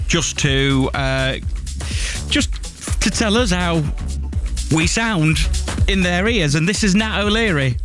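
A man's voice: high-pitched, lively intonation, slow, pauses often, over music. A man radio presenter with a Yorkshire accent, teasing and joking with his co-host in a studio. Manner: playful, teasing. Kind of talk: lively radio banter.

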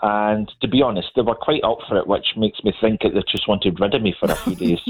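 A man's voice: lowish voice, fast talker, breathy edge. A middle-aged man from Scotland with a Scottish accent, telling stories in a casual, chatty way and laughing as he goes. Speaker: guest. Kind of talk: casual storytelling chat. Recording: tinny phone line.

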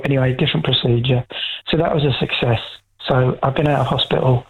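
A man's voice: mid-range voice, fairly even intonation, fast talker, breathy edge. A man calling into a radio phone-in, speaking frankly and rambling with restarts. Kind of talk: candid phone-in call. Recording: tinny phone line.

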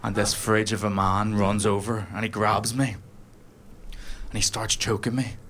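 A man's voice: on the low side, flat delivery, unhurried, noisy background. A man performing a stand-up comedy set, telling a story with acted-out voices and bantering with the crowd in a small room.

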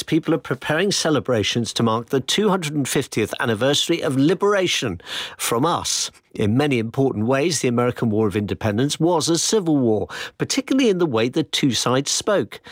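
Measured English radio presenter, dry studio. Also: male voice, medium pitch, no echo. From West Country of England. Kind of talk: radio interview hosting.

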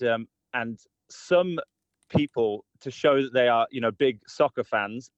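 A man's voice: medium pitch, no echo. Man, from Scotland, phone-in guest, easygoing, hesitant, muffled lo-fi line. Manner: easygoing, relaxed, lots of hesitations. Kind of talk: casual chat.

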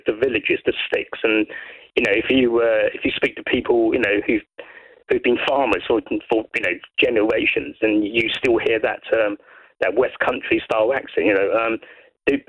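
A man's voice: medium pitch, husky. A man calling in to a radio chat show, hesitant with many restarts. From Sussex, England. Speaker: radio caller. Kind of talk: casual phone-in chat. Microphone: telephone. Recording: lo-fi phone line.

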